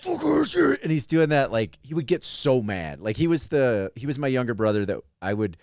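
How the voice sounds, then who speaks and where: Young male podcast co-host, lively pitch, dry close sound, swears while spinning anecdotes. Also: a little fast, clear, resonant tone, no echo. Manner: animated storytelling, swearing, acts out quotes. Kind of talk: casual chat.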